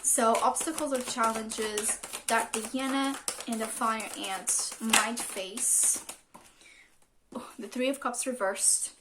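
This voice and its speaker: A woman's voice: on the high side, fairly even intonation, slow, very noisy. A woman giving a casual tarot reading, rambling with lots of fillers and some swearing. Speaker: tarot reader.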